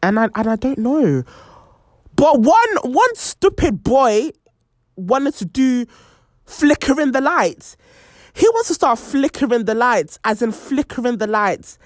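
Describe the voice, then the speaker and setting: A woman's voice: fairly high pitch, a little slow, dry recording, clean studio sound. A young woman hosting a podcast, telling a personal story with lots of fillers and acted-out quotes. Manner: animated, many fillers, acts out quoted voices. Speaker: podcast host.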